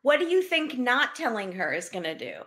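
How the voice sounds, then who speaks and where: A woman's voice: fairly high pitch, big pitch swings, fairly quick, fairly bright tone. A woman co-hosting a casual podcast chat, recapping with easy laughs and small restarts. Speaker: podcast co-host.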